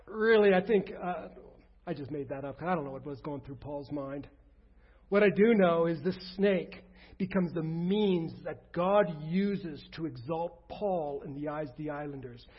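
A man preaching a sermon as pastor, earnest, often dropping to a soft low voice. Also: breathy edge, lo-fi sound.

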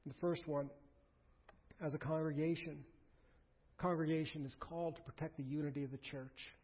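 A pastor with a higher voice and little pitch movement preaches at a moderate pace, earnest and pleading, frequently starting sentences over. The sound, captured in a church sanctuary, is muffled and carries a long hall echo.

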